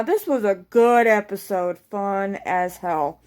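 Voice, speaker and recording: A woman casually recapping a TV episode, rambling excitedly and swearing freely. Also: mid-range voice, takes it slowly, clean tone. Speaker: TV episode reviewer.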